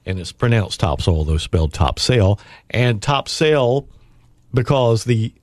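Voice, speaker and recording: A man's voice: medium pitch, expressive, a little slow, no echo, studio quality. Chuckling male morning radio host. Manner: easygoing, chuckling often. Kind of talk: casual radio chat.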